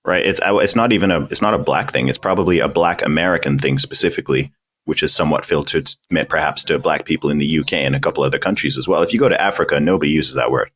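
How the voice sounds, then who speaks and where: A man's voice: rumbling low, quick pace, fairly bright tone. A man with a British accent, a guest on a podcast interview, answering bluntly and emphatically and repeating words as he stresses his points. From United Kingdom. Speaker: guest, independent rapper.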